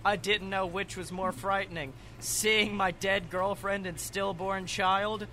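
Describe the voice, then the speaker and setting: A man's voice: high voice, little pitch movement, unhurried, bright, forceful tone, a little hiss or hum. A man co-hosting a comedy podcast, reading short horror stories aloud and breaking into jokey asides and laughter. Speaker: podcast co-host.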